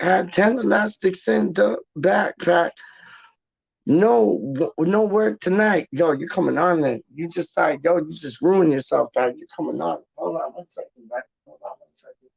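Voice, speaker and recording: Fresh out of the shower at home late at night, a male vlogger rambles casually, repeatedly calling the viewer "dog," saying "how you mean," and breaking into football chants. His voice is high-pitched, gravelly, and husky, and the recording quality is low.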